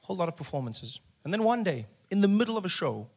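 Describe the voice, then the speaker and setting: Animated man doing stand-up. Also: high voice, quick pace, husky. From South Africa. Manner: animated, acts out characters in hushed and loud voices. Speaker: stand-up comedian. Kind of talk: stand-up comedy storytelling.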